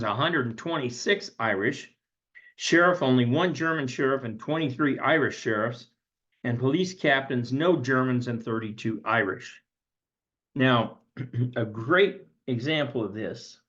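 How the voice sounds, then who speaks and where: A man's voice: medium pitch, highs cut off. A man teaching a recorded history lesson, reading aloud from a textbook and breaking off into conversational asides.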